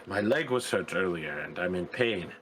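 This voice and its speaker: A man's voice: sits low, expressive, moderate pace, a bit bright, slight background noise, poor audio. A man voicing a pompous, bluffing English adventurer in a faked Southeast London accent. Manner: breezy, condescending, chummy phrases.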